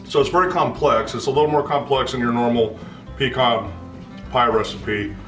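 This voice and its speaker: A man tastes a homemade dessert and describes its flavors in a slow, thoughtful casual chat. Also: mid-range voice, fairly bright tone. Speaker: husband tasting food. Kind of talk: casual food-tasting chat. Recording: roomy, mic at a distance, faint music.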